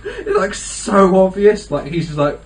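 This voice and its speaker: A man's voice: sits high, wildly swooping pitch, a little slow. A young man co-hosting a podcast in rambling casual chat, full of "like" and frequent laughter. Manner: rambling, heavy use of "like", laughs often. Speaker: podcast co-host. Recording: distant mic with faint ambient noise.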